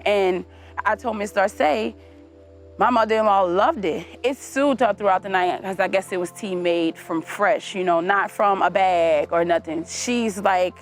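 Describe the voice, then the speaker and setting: A woman, a mother and community gardener, talking in a documentary interview in a chatty, lively way. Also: mid-range voice, measured pace, faint music behind.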